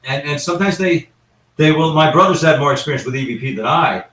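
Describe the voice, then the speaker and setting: A man's voice: fairly high pitch, fast, fairly bright tone, slight background noise. A man, a paranormal investigator, telling anecdotes in a casual, rambling way with frequent restarts and asides. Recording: echoey room, far from the mic.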